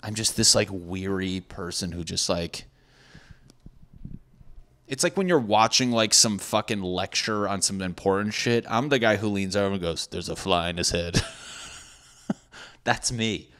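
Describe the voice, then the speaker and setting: Deep-voiced man ranting sarcastically on a podcast. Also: fairly bright tone. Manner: rambling, profane, sarcastic, quick asides. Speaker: podcast host. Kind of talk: casual comedic monologue. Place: apartment building with hammering neighbors.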